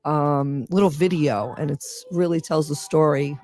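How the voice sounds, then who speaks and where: A woman's voice: deep voice, unhurried, darkish tone. A woman with a scratchy voice, a volunteer advocate as a radio guest, talking casually and rambling with many fillers and restarts.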